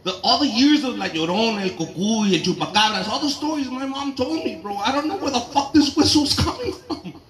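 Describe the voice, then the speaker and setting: Male stand-up comic, loud and animated, lively swooping voice, echoey room with crowd laughter. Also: very high-pitched, a little fast, hardly any pauses. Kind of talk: stand-up comedy set. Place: garage show with live audience. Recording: roomy garage with crowd laughter.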